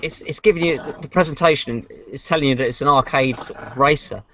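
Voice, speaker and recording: A man's voice: mid-range voice, quick pace, bright, forceful tone, a little hiss or hum. A man co-hosting a podcast, chatting casually about racing games in a rambling way with many restarts. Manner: rambling, frequent fillers and restarts. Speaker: podcast co-host. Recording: dull lo-fi podcast audio.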